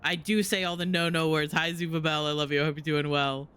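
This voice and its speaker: A man's voice: a little high, level tone, quick pace, bright, forceful tone, smooth. A man streaming a game, chatting casually in a rambling, giggly way with lots of fillers and restarts. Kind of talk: casual chat while playing a game. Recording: music playing in the background.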